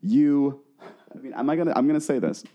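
A man's voice: medium pitch, a little fast, mellow. A man co-hosting a comedy podcast, reading reviews aloud in a dramatic, mocking voice. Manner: dramatic, mocking read-outs with laughs. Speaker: podcast co-host.

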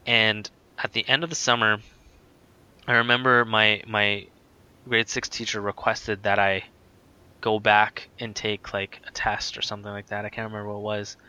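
A man who is a guest tells his personal story casually and in a rambling way, packed with "like"s and restarts. His voice is lowish and fairly flat in pitch, with a sharp, clean tone, and he speaks at normal speed.

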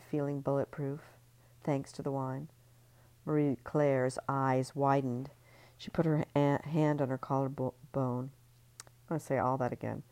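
A woman with a strikingly low voice reads her novel aloud. She keeps a calm, measured pace. Now and then she stumbles and restarts a word. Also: dry recording. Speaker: author reading her novel. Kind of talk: audiobook-style novel reading.

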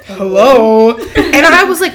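Young female co-host, high lively voice, storyteller, noisy mic. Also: fairly quick. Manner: animated, laughing, acts out quotes. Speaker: podcast co-host. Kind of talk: casual chat, storytelling.

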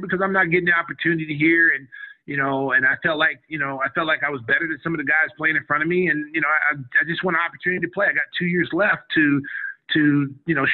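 This middle-aged man, once a college basketball player, spins a casual yarn on the radio in a fairly high-pitched voice. He livens it up by performing what others said, all through thin, phone-like audio.

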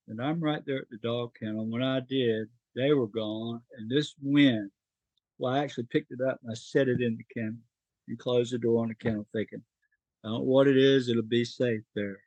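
A man's voice: medium pitch, steady tone, brisk, darkish tone, husky, dry recording, poor audio. Earnest man telling his story. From North Carolina. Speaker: podcast guest.

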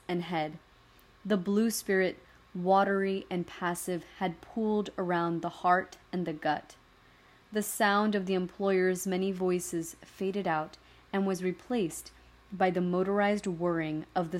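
Calm woman narrating a dark story. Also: fairly low pitch. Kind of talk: scripted narration.

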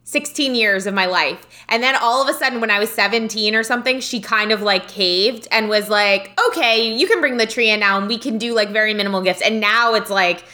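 A woman's voice: mid-range voice, fairly quick, few pauses, pushed and bright. A woman co-hosting a podcast, telling stories in a chatty way and laughing often. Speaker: podcast co-host. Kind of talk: casual chat.

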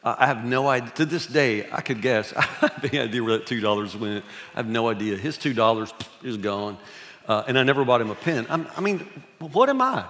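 A man's voice: mid-range voice, animated, brisk, a bit bright. A man, preaching a sermon in a folksy, self-mocking storytelling way. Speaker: pastor. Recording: long hall reverb.

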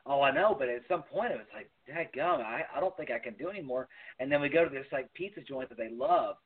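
A man's voice: mid-range voice, expressive, fast, husky. A man, a podcast guest telling stories in an emphatic, rambling way. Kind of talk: casual chat. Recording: tinny phone-like line.

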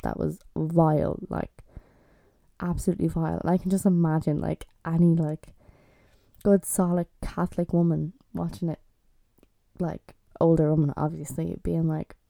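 Gravelly, chatty young Irish woman. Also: fairly low pitch, flat delivery, normal speed, warm tone, no room sound. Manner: chatty and exasperated, lots of fillers. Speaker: vlogger. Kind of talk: casual TV review chat.

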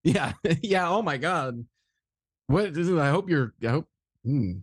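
A man's voice: on the high side, animated, unhurried, slightly rough, dry recording, studio quality. A man in his thirties hosting a casual podcast chat, easygoing and affirming, laughing often as he responds. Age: 30s.

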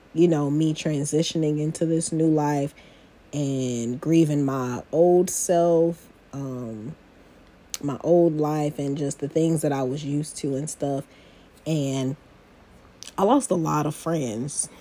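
Low-voiced woman chatting candidly. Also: mellow. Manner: chatty, confiding, talks straight to listeners as "y'all". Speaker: podcast host. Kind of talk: casual personal podcast talk.

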